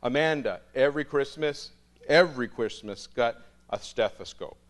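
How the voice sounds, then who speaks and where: A male priest telling stories in a sermon, an animated storyteller who laughs often. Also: mid-range voice, normal speed.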